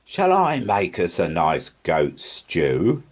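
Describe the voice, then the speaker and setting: A man's voice: low voice, wildly swooping pitch, slow pace, heavily acted. A man voicing a shy, hungry male troll in a children's storybook, speaking in a small, raised voice. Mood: timid. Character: hungry, timid male troll who loves cooking.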